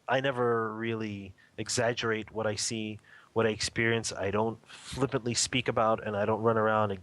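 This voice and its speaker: A man with a lowish voice recounts a personal experience as a guest on a radio interview. He speaks earnestly and vividly, circling back to rephrase his descriptions as he goes. He is a spiritual teacher talking about his practice. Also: fairly bright tone, dry recording. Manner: earnest, vivid storytelling, repeating and rephrasing as he describes what he saw.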